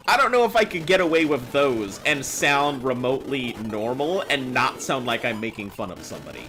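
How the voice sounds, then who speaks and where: A man chatting casually with viewers while he plays, rambling and thinking out loud. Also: medium pitch, very animated, moderate pace. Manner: rambling, talks to chat while playing. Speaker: game streamer. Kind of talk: casual live-stream chat. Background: game music.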